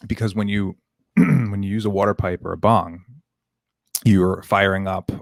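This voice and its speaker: A man co-hosting a podcast, explaining things in relaxed casual chat that trails off quietly. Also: deep voice, measured pace, creaky, no echo, studio quality. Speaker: podcast co-host.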